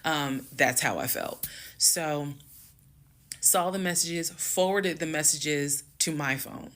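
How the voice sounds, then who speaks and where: A woman telling her own story to viewers in a frank, chatty way, going calm and hushed when she retells a conversation. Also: deep voice, takes it slowly. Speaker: storytime creator. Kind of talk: casual storytime monologue.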